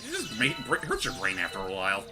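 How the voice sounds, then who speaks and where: A man's voice: low-pitched, quick pace. Man with a wildly swinging voice. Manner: animated, rambling, casually profane. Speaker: commentary host. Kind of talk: casual gameplay commentary. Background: game music.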